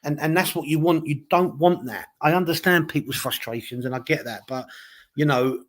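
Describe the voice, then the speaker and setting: Calm reasoning football fan. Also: male voice, a little high. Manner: measured, reasoning, asks for agreement. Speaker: podcast co-host. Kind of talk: casual football chat.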